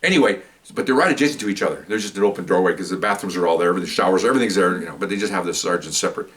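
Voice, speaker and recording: A man's voice: low-pitched, lively intonation, racing, fairly bright tone, recorded from a distance. Ex-cop man spinning a rambling yarn. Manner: rambling, stumbles and repeats words, acts out quotes. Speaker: former police officer. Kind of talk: casual spoken storytelling.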